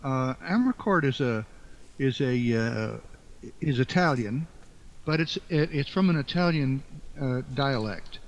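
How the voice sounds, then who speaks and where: An older man being interviewed as an author, speaking in a halting, thoughtful way with many fillers and restarts. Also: medium pitch, animated. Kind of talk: reflective interview talk. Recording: dull lo-fi sound.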